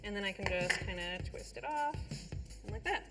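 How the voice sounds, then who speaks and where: A woman's voice: medium pitch, lively intonation, moderate pace, over loud music. Chatty female home cook. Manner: chatty, self-narrating. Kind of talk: cooking demonstration.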